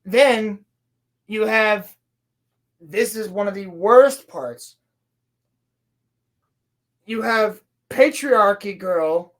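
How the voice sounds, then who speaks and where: A woman hosting a podcast, recapping a TV episode in a sarcastic, profane, mocking way. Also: mid-range voice. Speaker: podcast host reviewing a TV episode.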